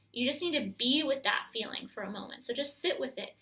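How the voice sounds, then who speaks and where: A woman coaching viewers through a guided self-help exercise, speaking gently and straight to the viewer. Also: a little high, fairly quick, few pauses, low-quality recording.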